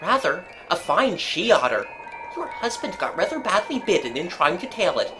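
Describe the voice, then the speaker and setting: Woman doing a brisk, hearty neighbour lady. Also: lowish voice, very animated, over music, voice pushed up. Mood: chatty.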